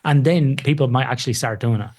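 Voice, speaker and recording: A man speaking as a guest researcher in a casual podcast conversation, animated and emphatic, with a self-deprecating streak. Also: medium pitch, fast.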